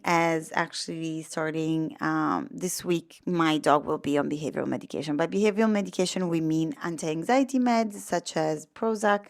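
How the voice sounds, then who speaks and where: Italian-accented woman, lowish voice, casual dog-behaviorist explainer, chatty with lots of fillers. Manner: chatty, full of fillers and restarts.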